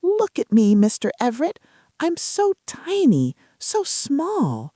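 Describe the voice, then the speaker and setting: A woman's voice: high-pitched, huge pitch swings, takes it slowly, dark tone, dry recording, studio quality, voice pushed up, exaggerated voice. A woman voicing a tiny, shy seedling sprout that speaks timidly and stammers a little. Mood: sad.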